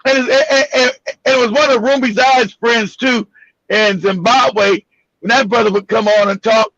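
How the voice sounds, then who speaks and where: A man's voice: very high voice, steady tone, moderate pace, creaky, fairly bright tone, dry recording, muffled recording. A man talking in a heated casual chat, emphatic and profane, often stammering and repeating words.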